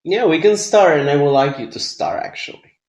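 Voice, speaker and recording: Hoarse, sick-sounding man hosting a podcast. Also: fairly high pitch, moderate pace, a little mellow. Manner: chatty, loose, with fillers like "you know". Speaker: podcast co-host. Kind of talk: casual couple chat.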